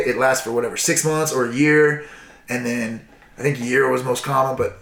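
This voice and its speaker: A man's voice: medium pitch, fairly even intonation, moderate pace, a bit bright, echoey room. A tipsy man telling history in a profane, rambling, casual way, acting out little voices as he goes. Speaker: storyteller in casual chat. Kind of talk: casual drunken history chat.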